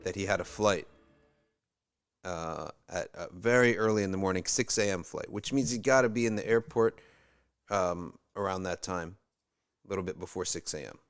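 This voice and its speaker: A man with a deep voice tells a story at a moderate pace, faint music playing behind him. He's a religious teacher speaking casually and conversationally, wandering into asides and restarting his sentences.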